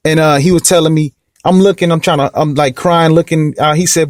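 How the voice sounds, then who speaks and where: A man's voice: a little high, fairly even intonation, brisk, dry recording, studio quality. A young man casually telling a personal story to the camera, rambling and repeating himself and often asking whether you know what he means. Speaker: vlog host.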